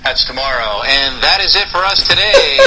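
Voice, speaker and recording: A man's voice: mid-range voice, expressive, normal speed, a loud crowd, poor audio. A man who anchors TV news in a broadcast outtake, exasperated and frustrated.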